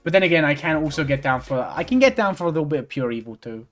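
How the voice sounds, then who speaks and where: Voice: medium pitch, animated, quick pace. Jokey streamer mumbling through a game, reads lines aloud, faint music under it. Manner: playful, jokey, mutters to self. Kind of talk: playthrough commentary, reading game text aloud.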